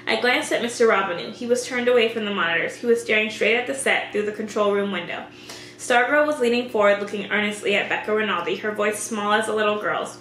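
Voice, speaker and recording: A woman reading a novel aloud in a steady, clear storytelling manner. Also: on the high side, brisk. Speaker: reader. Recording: echoey room with faint hum.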